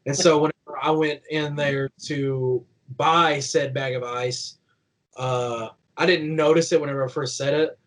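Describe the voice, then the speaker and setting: Speaking at a moderate pace with fairly even intonation and few pauses, a young Kentucky wrestler with a country twang and a somewhat high voice rambles casually as an interview guest, saying "like" constantly and laughing through his stories. The recording is rough.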